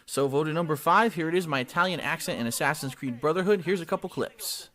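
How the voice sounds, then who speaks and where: A man's voice: a little high, fast, sharp tone. A man giving comedic, profane gameplay commentary, sometimes in a mock Italian accent. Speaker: video creator.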